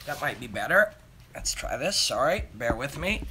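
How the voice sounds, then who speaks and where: A man's voice: medium pitch, sing-song, moderate pace, background noise. A man hosting a casual live stream, rambling through fight analysis and answering viewer comments from his phone. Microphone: phone camera.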